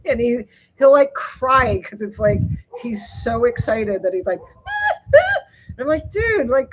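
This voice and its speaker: A woman's voice: mid-range voice, gravelly, husky, rough recording. Chatty woman rambling on a livestream. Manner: chatty and rambling, laughs often, swears casually; greets viewers by name with excited bursts. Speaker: livestream host reading viewer chat. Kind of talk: casual rambling live chat.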